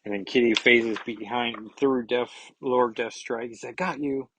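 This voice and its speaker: A man's voice: medium pitch, little pitch movement, unhurried, a bit bright, a little hiss or hum, low-quality recording. A man reviewing a comic book in a casual, rambling way, reading panels aloud with chatty asides.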